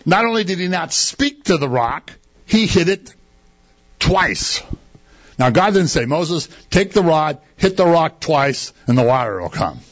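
A man's voice: fairly high pitch, big pitch swings, measured pace, highs cut off. A man preaching a sermon in a conversational way, asking his listeners rhetorical questions.

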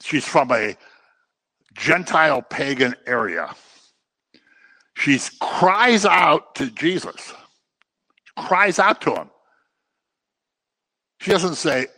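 A man preaching a sermon, swinging between loud emphasis and quiet asides. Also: mid-range voice, animated, unhurried.

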